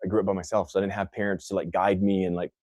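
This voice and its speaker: A man's voice: deep voice, little pitch movement, racing, a little mellow, dry recording. A young man from Texas with his own mixed, un-Texan accent, hosting a casual live Q&A and rambling loosely through viewer questions. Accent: own mixed accent, not Texan. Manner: loose, rambling, many fillers and restarts. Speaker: livestream host answering viewer questions.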